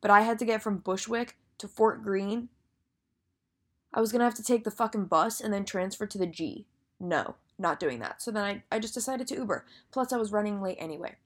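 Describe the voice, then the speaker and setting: A woman's voice: medium pitch, a little fast. Chatty young woman telling a story. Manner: chatty, frequent "like" fillers and swearing. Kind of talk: casual storytelling monologue.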